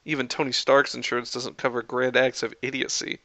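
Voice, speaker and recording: A man's voice: mid-range voice, level tone, fairly quick, sharp tone, dry recording. A man voicing a weary, sensible businesswoman with an exasperated, sighing delivery.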